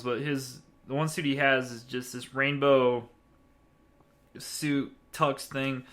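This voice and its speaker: Bright-voiced, excitable male podcast host. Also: mid-range voice. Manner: excitable, rambling, laughs often. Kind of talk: casual movie review.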